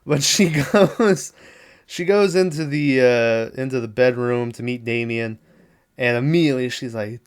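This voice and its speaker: A man's voice: mid-range voice, unhurried, clean tone. A man hosting a podcast, rambling through a movie plot in a loose, profane way and acting out the characters' lines. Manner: profane, rambling storytelling with quoted voices. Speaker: podcast host. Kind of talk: casual solo movie recap.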